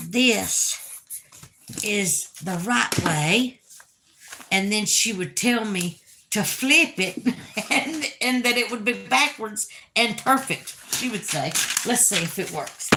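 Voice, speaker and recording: Woman, Southern US accent, middle-aged, folksy livestream chat, unhurried, bright voice. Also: mid-range voice, expressive, a little hiss or hum. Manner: chatty, folksy, talks straight to her viewers. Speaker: livestream host.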